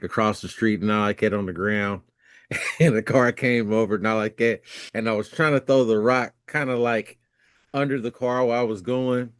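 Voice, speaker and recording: A man with a fairly low voice tells a childhood story in a family chat. He stops and restarts often as he talks. The sound is close and dry, with no room echo. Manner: halting, many fillers. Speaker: podcast co-host.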